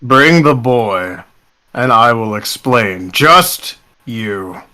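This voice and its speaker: A man's voice: mid-range voice, expressive, extremely slow, pushed and bright, heavily acted. A man voicing an imposing father who has come to claim his son, speaking in short commands. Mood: commanding.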